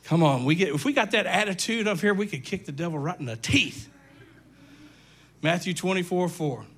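An older man preaching from the pulpit with a high, ringing voice and a bright, forceful edge. He swings between hushed asides and shouted declarations, speaking straight to the congregation. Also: expressive, fairly quick. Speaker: pastor. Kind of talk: sermon. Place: church sanctuary.

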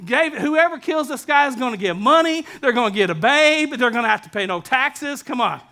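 A man delivers a sermon as pastor, talking straight to his congregation. His voice sits very high with a bright, forceful edge. He is lively, mixing jokes and asides into the preaching. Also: a little fast.

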